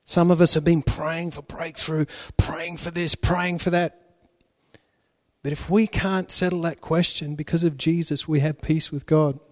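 A male pastor preaching a sermon, swinging between loud emphatic lines and hushed, prayerful ones. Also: fairly high pitch, steady tone, a little slow, long reverb tail.

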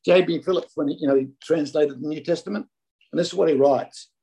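A middle-aged Australian man preaching a sermon, telling stories in a loose, conversational way and often tripping over and repeating his words. His voice is gravelly with plenty of fry. The tone is dark and mellow. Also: fairly high pitch, quick pace, poor audio. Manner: conversational, anecdotal, stumbling restarts.

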